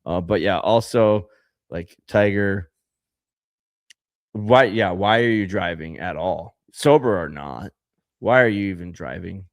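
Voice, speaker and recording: A man's voice: sits low, slow pace, pauses often, dry recording. A man co-hosting a casual podcast, ranting and rambling with lots of fillers and laughter. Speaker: podcast co-host.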